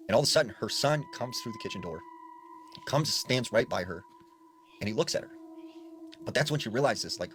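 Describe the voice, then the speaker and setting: A man's voice: fairly low pitch, fairly bright tone, a little hiss or hum. A man casually retelling spooky stories in a conversational way, full of fillers like "like". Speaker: storyteller. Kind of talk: casual spoken ghost story narration.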